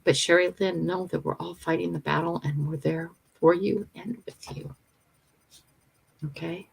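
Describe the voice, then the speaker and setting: A woman's voice: deep voice, gravelly. An older woman hosting a casual morning livestream, chatting emotionally and talking straight to her viewers. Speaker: livestream host.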